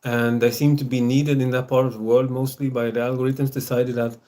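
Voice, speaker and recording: A man's voice: medium pitch, flat delivery, brisk, mellow. A man from Sweden with a Swedish accent, talking in a rambling, hesitant casual stream monologue, laughing often between his words. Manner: rambling, hesitant, with frequent laughs and filler sounds.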